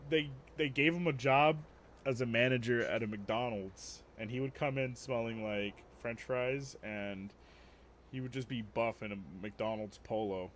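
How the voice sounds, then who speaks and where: A man's voice: medium pitch, unhurried, a bit bright, a little hiss or hum. A young man streaming, telling rambling, profane stories and laughing at his own jokes. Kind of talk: casual storytelling.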